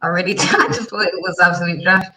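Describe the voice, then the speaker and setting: Panelist: blunt woman, bright edgy tone, sits back from the mic in a roomy space. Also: lowish voice, fairly even intonation, quick pace, distant mic. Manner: blunt, outspoken. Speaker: podcast panelist. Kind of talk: casual chat.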